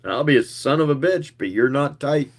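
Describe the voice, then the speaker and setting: A burly, shrewd barkeeper, as a man doing the voices puts him on. He talks bluntly in gruff exclamations. The voice rides noticeably higher than the reader's narration. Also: expressive, normal speed. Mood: astonished.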